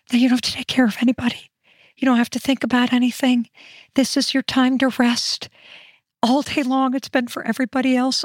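A middle-aged woman hosting a motivational podcast, chatty and expressive, speaking straight to the listener. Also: high-pitched, moderate pace, dry recording, clean studio sound. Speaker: podcast host.

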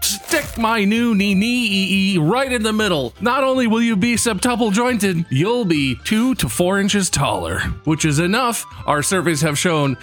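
A smarmy quack doctor, as a man puts him on, sells his product in a raised, drawn-out infomercial voice. He leans on every word like a late-night ad. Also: lively intonation, fairly bright tone, soft background music. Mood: pitching. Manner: salesman pitch, slow and emphatic. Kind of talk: comedy infomercial bit.

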